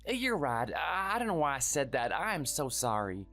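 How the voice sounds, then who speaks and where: A man's voice: sing-song, normal speed, pushed and bright, soft background music. A man playing a timid, sickly husband in his thirties who is meek and apologetic. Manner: meek and apologetic, raised pitch. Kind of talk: dramatized story dialogue and first-person narration.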